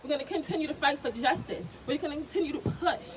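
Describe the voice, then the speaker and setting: A woman's voice: high voice, fast. A woman giving an emotional speech at an outdoor protest, impassioned and insistent, repeating phrases for emphasis. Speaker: protest speaker, sister of the deceased. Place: outdoors on a city street. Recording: distant mic on a noisy street.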